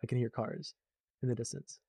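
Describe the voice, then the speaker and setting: A man's voice: mid-range voice, fairly even intonation, fairly quick, gravelly, mellow, slightly rough, no echo, clean studio sound. A young man casually recapping a book in a rambling way, full of fillers, and briefly acting out the characters he quotes.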